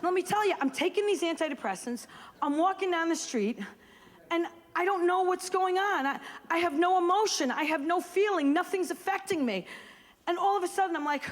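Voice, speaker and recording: A woman comedian doing brash, rapid-fire stand-up on a comedy club stage. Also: very high voice, slight background noise. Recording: live club recording, loud audience laughter.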